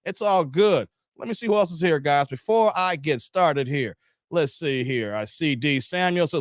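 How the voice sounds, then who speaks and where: Male livestream host, high voice, dry close mic, laughs a lot, heavy on slang. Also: moderate pace, no echo. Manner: animated, laughs often, slangy, reads chat aloud. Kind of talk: casual livestream chat.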